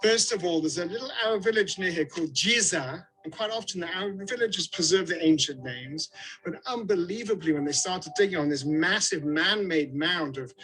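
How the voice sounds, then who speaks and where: A man's voice: sits high, expressive, normal speed, fairly bright tone, low-quality recording. Enthusiastic British man guiding a tour. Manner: jokey, enthusiastic. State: slightly out of breath. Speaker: tour guide. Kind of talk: outdoor guided tour to camera. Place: hilltop outdoors.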